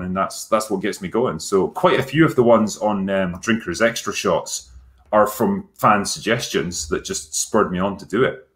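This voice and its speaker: Low-voiced Scottish man chatting casually. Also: moderate pace. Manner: relaxed, rambling, frequent ums, swears casually. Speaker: YouTube film critic and host. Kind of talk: casual livestream Q&A.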